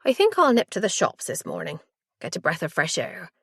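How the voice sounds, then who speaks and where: A gentle older mother with a Cornish accent, her voice soft and a touch lower, as a woman narrator puts her on. She is cheerful in the face of illness, heard in a dry audiobook reading with no room sound. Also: huge pitch swings, a little fast, husky, dry recording, heavily acted.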